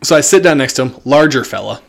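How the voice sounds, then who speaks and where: A man from the American Midwest casually telling a story on a podcast, animated, swearing freely, and mimicking people in exaggerated voices. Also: medium pitch, fast talker, vocal fry, over music. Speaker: podcast co-host.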